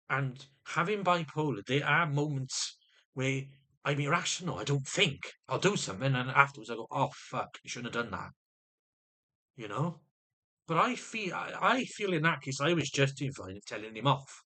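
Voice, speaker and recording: A man's voice: on the high side, big pitch swings, moderate pace, pushed and bright. A man venting to camera in an agitated monologue, often restarting and repeating his words. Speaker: vlogger.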